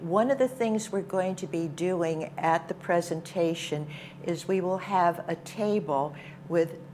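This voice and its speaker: An older woman guesting on a community TV show, chatting in a lively, enthusiastic way. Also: lowish voice, measured pace, a little hiss or hum. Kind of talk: casual chat. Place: television studio.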